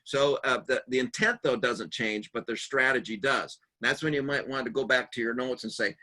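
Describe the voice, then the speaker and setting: A man giving a conference workshop talk, humorous and animated, telling stories and acting out the voices of the people he quotes. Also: mid-range voice, normal speed, hardly any pauses. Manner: lively, animated delivery. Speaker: seminar speaker.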